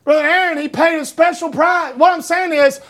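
High-voiced Southern preacher rambling through stories. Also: male voice, steady tone, fairly quick. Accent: Southern US, Georgia. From Georgia, US. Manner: rambling, self-deprecating, stumbling restarts, rising to shouts. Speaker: pastor. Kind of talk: sermon with personal stories.

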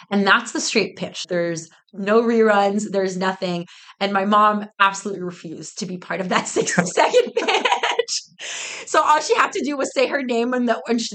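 A tea business co-founder in her twenties appears as a guest in an interview, telling a story with animated energy. She laughs often and leans heavily on "like" as a filler, speaking at a medium pitch.

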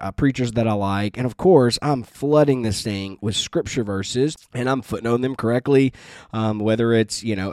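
Man of mid pitch teaching the Bible conversationally, earnest, recorded dry. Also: mellow, clean tone, no echo. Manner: conversational, earnest, uses many fillers. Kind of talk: casual teaching talk with personal story.

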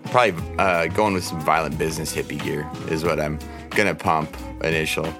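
A man's voice: a bass voice, steady tone, a little fast, over music. A man hosting a podcast, rambling in a laid-back, profane way full of fillers. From Portland area, Oregon. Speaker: podcast host. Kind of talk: casual podcast chat.

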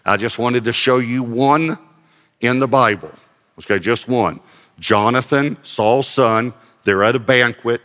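A man's voice: mid-range voice, a little slow, a bit bright, long reverb tail. A male pastor giving a conversational sermon, reading scripture aloud and adding light self-deprecating humor.

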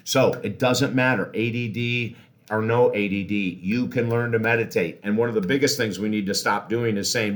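Energetic, low-voiced male podcast host. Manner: energetic and encouraging, slowing to a soft calm voice for breathing cues. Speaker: podcast host and life coach. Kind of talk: motivational talk with guided meditation.

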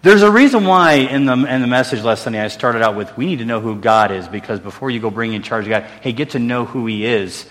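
In a church sanctuary echoing with a large hall's long reverb, a middle-aged male pastor preaches fast and with hardly any pauses, his mid-range voice fairly bright. His earnest, conversational sermon includes false starts and humorous digs at himself.

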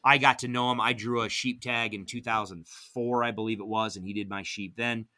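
On a podcast, a middle-aged guest tells hunting stories fairly quickly, keeping things casual and animated. He voices the quoted dialogue with large leaps in pitch.

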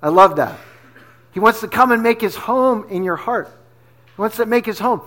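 A man's voice: sits high, lively intonation, moderate pace, a bit bright. A middle-aged man from New Jersey preaching a sermon in a conversational, storytelling way, often asking "right?". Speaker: pastor.

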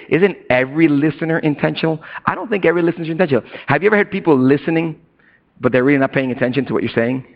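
A middle-aged man preaching a sermon as a pastor, chatty and casual, who swings from loud, high bursts to hushed, low asides. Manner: casual slang and asides to the congregation. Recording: dull lo-fi recording.

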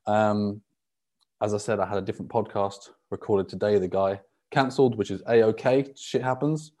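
Laid-back young male coach from the UK, low-pitched, chatting loosely over a laptop mic with plenty of swearing. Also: moderate pace. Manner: relaxed, sweary, rambling with fillers. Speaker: podcast host and rugby fitness coach. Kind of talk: casual solo podcast. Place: indoors at a laptop on a live video call.

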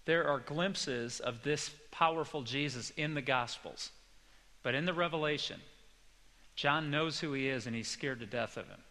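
Bright-voiced male preacher in an echoey hall. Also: mid-range voice, moderate pace. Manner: chatty storytelling with personal anecdotes and asides to the audience. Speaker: pastor teaching a Bible study. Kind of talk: conversational sermon.

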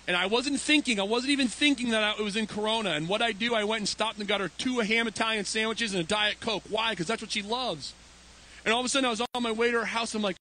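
A man's voice: high voice, brisk, rough recording. A man preaching a sermon as pastor, telling stories and acting out voices as he goes. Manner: animated, acts out voices in anecdotes. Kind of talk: storytelling sermon. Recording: faint hiss.

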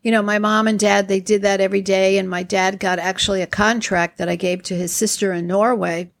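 Brisk and gravelly in the mid-range, this woman in her sixties hosts a podcast of casual personal storytelling. The Long Island, New York native keeps it chatty and animated, performing each quote.

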